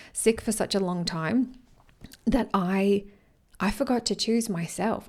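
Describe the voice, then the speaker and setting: A woman talking casually to her followers in a rambling, earnest way, sometimes dropping to a soft whisper. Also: mid-range voice. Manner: rambling and warm-hearted, often losing her thread. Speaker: vlogger speaking to her followers. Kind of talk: casual chat to camera.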